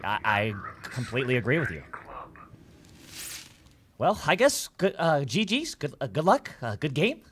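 A man in his thirties streaming games live, talking with brash theatrical swagger and sudden shouting bursts. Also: medium pitch, big pitch swings, normal speed, pauses often, a little hiss or hum.

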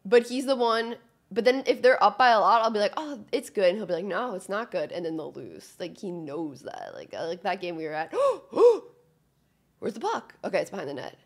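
A young woman giving a chatty live reaction to a hockey game as a fan, excitable and cheering loudly. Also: medium pitch, moderate pace. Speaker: sports fan streamer.

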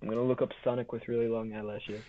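A man's voice: mid-range voice, little pitch movement, fast talker. A man co-hosting a podcast in goofy, rambling casual chat, restarting his sentences. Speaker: podcast co-host. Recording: tinny phone-like sound.

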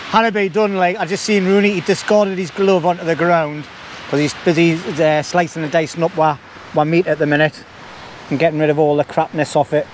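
A man's voice: on the high side, fairly even intonation, a little fast. A jokey, chatty man vlogging from windy woodland. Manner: jokey, chatty, laughs a lot. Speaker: bushcraft vlogger. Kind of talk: casual chat to camera. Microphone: camera mic. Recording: wind noise.

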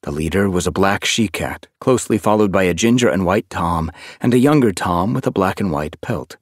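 Expressive male narrator for a fantasy audiobook, low voice, dry studio sound. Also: moderate pace, dry recording. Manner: expressive, shifting voices for characters. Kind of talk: scripted narration.

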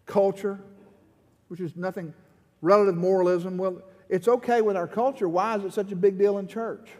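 Fervent high-voiced male preacher in a hall. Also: steady tone, normal speed, a little mellow, dull audio. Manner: impassioned, rising to fervent pleading in prayer. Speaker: pastor. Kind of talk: sermon. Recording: long hall reverb.

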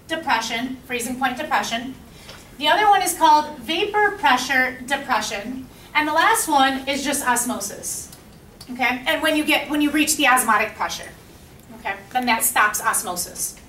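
Bright-voiced woman teaching chemistry in an echoey classroom. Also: high-pitched, expressive, moderate pace, a little hiss or hum. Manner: asks the class questions and repeats their answers. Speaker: high school chemistry teacher. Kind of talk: classroom lecture. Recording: echoey classroom, mic at a distance.

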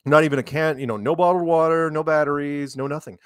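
A man's voice: fairly high pitch, steady tone, quick pace, clean tone, dry recording, clean studio sound. A man chatting casually as an interview guest, rambling and laughing often. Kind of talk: casual comedic interview chat.

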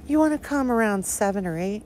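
A woman's voice: medium pitch, animated, a little fast, darkish tone, slight background noise, pitched above the performer's own voice, natural voice. A woman reading out the text messages of a teenage girl who calls her boyfriend boo. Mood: cutesy.

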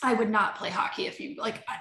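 Lively, bright-voiced woman in a roomy space. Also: medium pitch, fast talker. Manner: animated storyteller, many fillers and acted-out quotes. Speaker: podcast guest, sports agency head. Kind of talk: casual chat. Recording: roomy echo.

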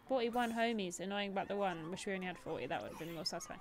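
A woman's voice: medium pitch, very fast, few pauses, soft background music. A young woman hosting a live stream, chatting playfully through gameplay commentary and teasing the game.

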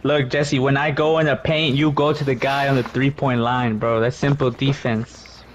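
A man's voice: medium pitch, level tone, moderate pace, highs cut off, a little hiss or hum. A young man chatting casually while gaming, directing his teammates and swearing. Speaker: gamer.

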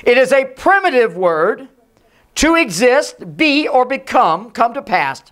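A pastor giving an emphatic sermon in a church, sometimes hushed and sometimes shouting, and calling on the congregation to repeat his words. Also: very high-pitched, big pitch swings, a little slow. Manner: leads the congregation in call and response. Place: church sanctuary.

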